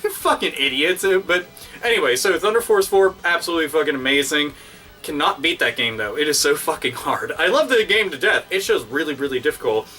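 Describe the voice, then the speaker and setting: A man hosting his own video, ranting casually and excitedly with constant swearing and crude exaggeration. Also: on the high side, brisk, recorded from a distance, soft background music. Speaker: video host. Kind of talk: casual profane rant.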